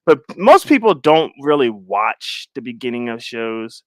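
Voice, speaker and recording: A man's voice: mid-range voice, big pitch swings, unhurried, fairly bright tone, dry recording. A man hosting a live stream in casual chat, rambling and self-mocking, often repeating his phrases. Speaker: livestream host.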